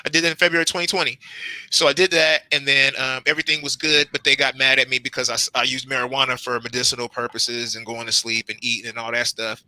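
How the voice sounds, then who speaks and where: A young man telling his own hospital story on a panel, lively and acting out his reactions in quoted lines. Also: medium pitch, quick pace, no echo, poor audio. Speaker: transplant patient on a panel. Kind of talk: animated personal storytelling.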